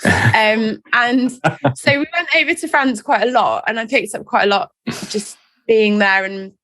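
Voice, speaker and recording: A woman, a guest talking in a casual interview in a chatty, self-mocking and animated way. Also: on the high side, measured pace. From England.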